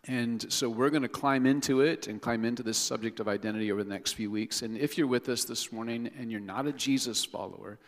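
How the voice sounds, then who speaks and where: A man's voice: mid-range voice, fairly quick, few pauses. A middle-aged man preaching a sermon as pastor, talking chattily with joking asides to the congregation. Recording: long reverb of a large hall.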